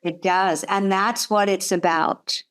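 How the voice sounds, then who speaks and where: A woman speaking slowly and earnestly in a reflective conversation, thinking aloud about her own experience. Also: mid-range voice, steady tone, fairly bright tone. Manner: slow, earnest, self-reflective.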